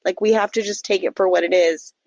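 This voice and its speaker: A woman's voice: mid-range voice, steady tone, fairly quick, a little mellow, no echo, highs cut off. Woman cohost on a podcast, earnest and emphatic, dry sound. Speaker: podcast co-host. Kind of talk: casual podcast chat.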